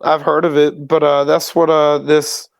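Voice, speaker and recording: A man's voice: fairly high pitch, monotone, measured pace, vocal fry, no room sound. A man playing a tabletop game, giving laid-back, brief replies. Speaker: player.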